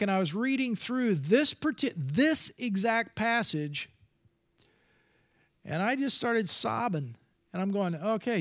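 Middle-aged guy preaching, pretty high voice, candid and confessional, lots of restarts. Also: a bit bright. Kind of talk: sermon.

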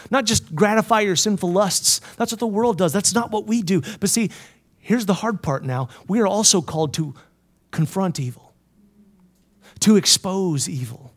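A high-pitched man delivers a sermon to a Bible college chapel. He keeps asking his listeners questions and swings between forceful emphasis and quiet, hushed lines. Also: normal speed. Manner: asks the listeners many questions. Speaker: preacher.

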